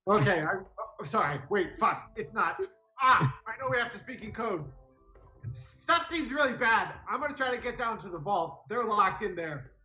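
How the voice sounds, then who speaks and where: A man's voice: sits high, lively intonation, moderate pace, pushed and bright. A man playing a tabletop game, talking in character in a flustered, hesitant way and stammering. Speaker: player. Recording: dull, echoey lo-fi audio with faint music.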